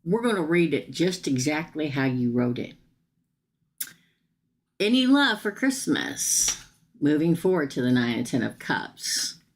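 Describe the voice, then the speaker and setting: A middle-aged woman with a hoarse, worn voice, hosting a casual live tarot reading, chatty and laughing often as she talks to the viewer. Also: sits low, normal speed, a little mellow. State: hoarse, losing her voice.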